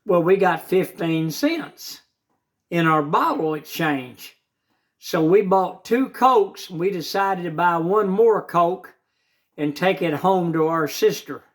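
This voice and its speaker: Folksy older man, fairly high voice. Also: animated, slow. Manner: folksy, talks straight to viewers with "man" and "people". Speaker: channel host. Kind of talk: casual storytelling of childhood memories.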